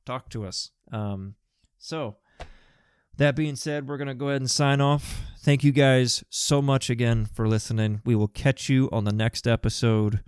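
A man co-hosting a gaming podcast, talking in a relaxed, joking way with the odd curse thrown in. His voice sits at an everyday middle pitch, and the recording is dry and close with no room sound. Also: normal speed, smooth, no room sound. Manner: laid-back, swears casually, joking. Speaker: podcast co-host. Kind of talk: casual podcast chat.

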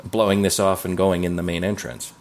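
A man playing a tabletop game, reasoning aloud in a slow, thoughtful way. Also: sits low, flat delivery, slight background noise. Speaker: player.

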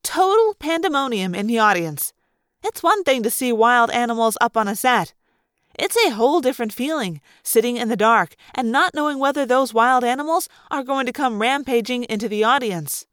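A woman narrating a first-person novel with dramatic, animated delivery. Her voice swings widely in pitch and sits on the high side. The recording is dry and close, with no room sound. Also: normal speed, smooth, dry recording. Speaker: audiobook reader.

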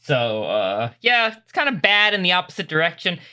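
A man with a bright, forceful voice runs a tabletop game for his friends. He describes the scene casually, with plenty of fillers and quick laughs. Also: sits high, big pitch swings. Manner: loose, joking, with laughs and filler words. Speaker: game master.

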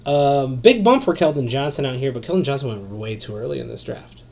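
A man hosting a solo fantasy basketball podcast, rambling and excitable, with lots of fillers and some swearing. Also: medium pitch, brisk, creaky, dull audio.

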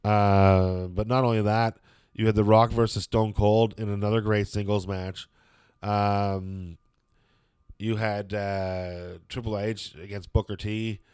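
A man's voice: lowish voice, level tone, slow, a little mellow, clean tone, no room sound, studio quality. A man chatting casually and opinionatedly as a show host, rambling with lots of fillers and some swearing.

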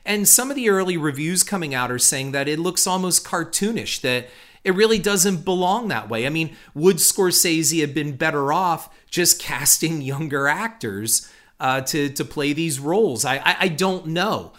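A man's voice: on the high side, expressive, normal speed, fairly bright tone. A middle-aged man hosting a solo podcast, talking in a rambling, opinionated way with many restarts and fillers. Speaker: podcast host.

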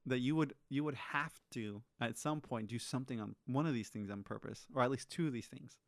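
A man's voice: mid-range voice, fairly quick, no room sound. Male co-host, blunt and profane, dry close sound. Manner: swears freely, animated opinions. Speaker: podcast co-host. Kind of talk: casual chat, movie recap.

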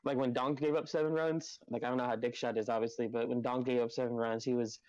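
A man's voice: medium pitch, little pitch movement, fast, a little mellow, no echo, dull audio. Rambling laid-back man, dry sound. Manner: rambling, laughs often, uses "like" a lot. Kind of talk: casual chat.

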